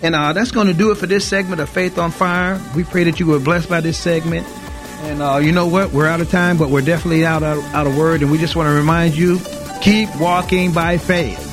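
A man co-hosting a Christian radio talk show, chatting casually and reading verses slowly with added comments. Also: a little high, steady tone, music in the background. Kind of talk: casual chat and reading scripture.

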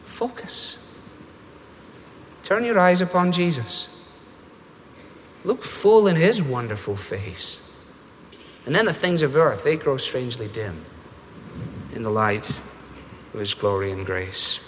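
A man preaching a sermon, telling stories in an animated way and changing his voice for the people he quotes. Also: unhurried, long pauses, a little hiss or hum. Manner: storytelling, animated, shifts pitch for quoted voices. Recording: long hall reverb.

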